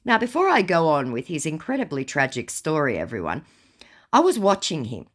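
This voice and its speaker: A woman's voice: low-pitched, wildly swooping pitch, a little fast. A woman hosting a scambaiting channel, reading out a chat in a blunt, scornful way and swearing freely. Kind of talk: narrated chat readout.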